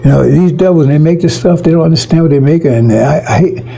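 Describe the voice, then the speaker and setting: A man's voice: on the high side, fast talker, creaky, warm tone, soft background music, rough recording. A man preaching an improvised online sermon into his computer microphone, blunt and rambling, with frequent profanity and chuckles.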